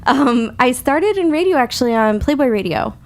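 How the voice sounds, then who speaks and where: A woman's voice: high voice, lively intonation, moderate pace. A woman hosting a radio talk show, chatting in a giggly, self-mocking, bawdy way with a slight stutter. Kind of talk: casual comedic chat.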